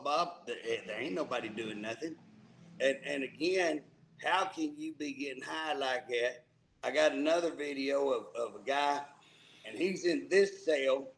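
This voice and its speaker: Guy on a talk show, kinda high voice, folksy, stumbles and repeats words, really emphatic. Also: creaky, poor audio. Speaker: co-host. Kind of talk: casual political talk show.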